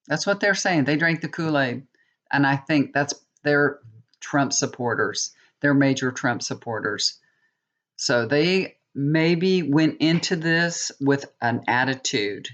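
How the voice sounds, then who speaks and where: A woman's voice: low-pitched, muffled recording. A woman giving a tarot reading in a casual, rambling monologue, often checking in with viewers. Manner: chatty, rambling with many restarts, asks viewers "okay?". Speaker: tarot reader.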